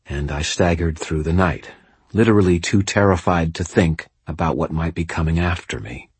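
Low raspy guy reading an audiobook, tense and gritty, dry close mic. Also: normal speed, no echo. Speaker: audiobook narrator. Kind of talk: scripted first-person narration.

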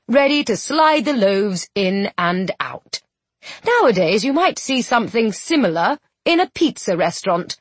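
Breathy, expressive woman narrating a storybook. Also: a little high, no echo. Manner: expressive storytelling, playful asides. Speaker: audiobook narrator. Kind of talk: scripted narration.

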